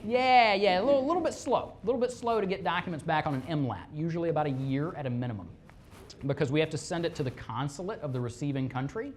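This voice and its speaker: A police fraud detective giving a lively classroom presentation, firing rhetorical questions at the audience and acting out scammers' lines in quick put-on voices. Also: medium pitch, a little hiss or hum. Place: presentation room with a live audience.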